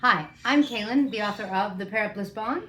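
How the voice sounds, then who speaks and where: A woman's voice: medium pitch, brisk, sharp tone, a little hiss or hum. Chatty woman vlogging in a roomy room. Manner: chatty and rambling, coos to her parrot. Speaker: parrot care author and vlogger. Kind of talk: casual vlog chat.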